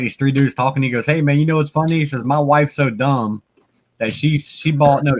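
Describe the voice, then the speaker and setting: A man's voice: medium pitch, a little hiss or hum. A man hosting a casual chat, joking around with crude humor and laughing often. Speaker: host.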